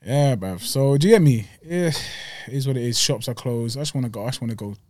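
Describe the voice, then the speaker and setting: A man's voice: medium pitch, quick pace, darkish tone, no room sound, clean studio sound. A man chatting as a podcast co-host, slangy, rambling and jokey. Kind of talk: casual banter.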